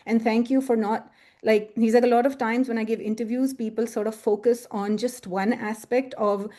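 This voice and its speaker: A woman's voice: on the high side, steady tone, normal speed, dark tone. A woman researcher presenting her thesis in a webinar, retelling an interview in a conversational way with many fillers. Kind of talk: academic webinar talk. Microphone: webinar computer mic.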